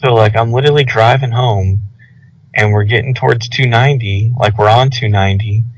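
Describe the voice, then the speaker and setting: Rambling young guy, gravelly. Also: medium pitch, a little fast. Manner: rambling, lots of "like" fillers, animated retelling. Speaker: podcast co-host. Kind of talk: casual storytelling chat. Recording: dull lo-fi audio.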